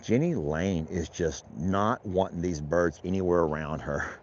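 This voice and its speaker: A man's voice: sits low, a little slow, darkish tone, a little hiss or hum. A man, a rancher vlogging casually outdoors as he does his chores, talking in a folksy, rambling way and chatting to his animals. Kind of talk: casual vlog narration while doing chores. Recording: dull lo-fi outdoor recording.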